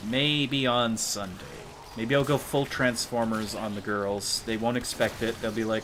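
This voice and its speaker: A man's voice: medium pitch, steady tone, unhurried, few pauses, noisy background. A man live streaming a game, rambling and joking to himself and his viewers in casual chatter. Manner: rambling, joking, self-mocking.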